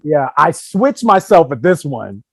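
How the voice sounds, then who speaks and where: A young adult man, a guest actor, chatting casually and telling stories in an animated, talkative way. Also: on the high side, measured pace, husky, dry recording, poor audio. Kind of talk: casual podcast chat.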